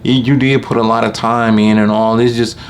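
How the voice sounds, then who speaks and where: A grudging lady customer who haggles over pay, pitched well above a low speaking voice, as a man quotes her. She sounds lively and a little louder. A faint hiss sits behind her. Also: fairly quick, natural voice. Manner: quoting her in a raised voice.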